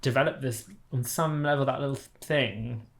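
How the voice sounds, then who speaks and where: A man's voice: medium pitch, moderate pace, gravelly. A man with a posh English accent in a thoughtful, reflective conversation, often restarting sentences as he thinks aloud. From England. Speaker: artist and interviewer.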